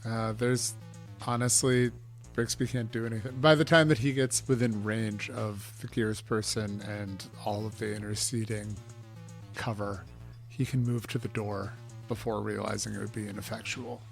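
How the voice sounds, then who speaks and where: A man playing a tabletop game, quiet and resigned as he passes his turn. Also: lowish voice, level tone, moderate pace, gravelly, faint music behind. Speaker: player.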